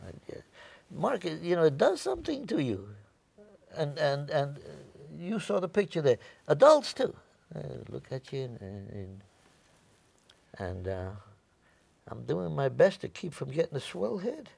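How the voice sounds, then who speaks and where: In an oral history interview, a New York man in his nineties, a war veteran, rambles through his stories and repeats his words. His voice is a little high, gravelly and slightly rough, with wildly swooping pitch. He speaks unhurriedly, leaving long pauses.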